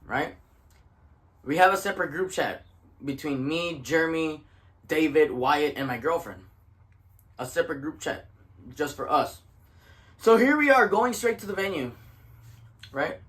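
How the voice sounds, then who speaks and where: A young man tells a story to camera, worn out from little sleep. His voice sits somewhat high and comes across forceful and tense. His talk is casual and profane, and he moves between English and Spanish. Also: lively intonation, unhurried, pauses often. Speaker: vlogger telling a story.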